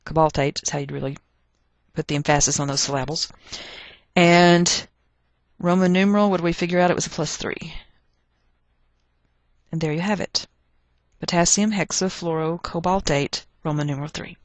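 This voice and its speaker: A woman's voice: low-pitched, moderate pace, pauses often, dry recording. A woman teaching a chemistry lesson, chatty and thinking aloud as she works through problems. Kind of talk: recorded chemistry lecture.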